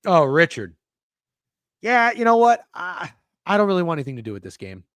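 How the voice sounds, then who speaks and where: A young man hosting a sports betting livestream, talking casually and excitably, swearing often and restarting his sentences. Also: high voice, a little fast, no room sound. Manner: excitable, profane, rambling with frequent restarts. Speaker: sports betting show host.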